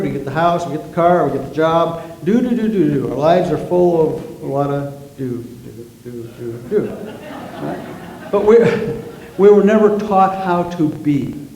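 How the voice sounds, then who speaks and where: A man's voice: on the high side, mellow. A man, a guest minister and author, preaching a sermon in a conversational way, repeating himself and asking the congregation questions, in a church sanctuary. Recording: roomy church sanctuary, faint noise.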